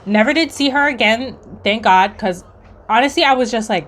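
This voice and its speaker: A woman's voice: fairly high pitch, moderate pace, a bit bright. A young woman from Hawaii telling a work story in a blunt, sassy, heated way, with swearing and slang. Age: young adult. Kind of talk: casual storytime monologue.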